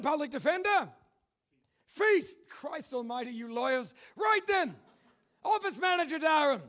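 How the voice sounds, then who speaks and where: An Australian man hosting a live comedy game show on stage, loud and playful, bantering with the crowd. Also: very high voice. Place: live convention stage with audience.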